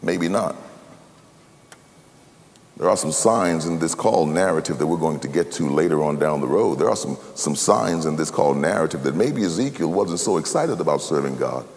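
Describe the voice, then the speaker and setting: Preacher with a long hall echo. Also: male voice, expressive, normal speed. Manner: preaching cadence, sweeping from loud high emphasis to low hushed tones. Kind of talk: sermon.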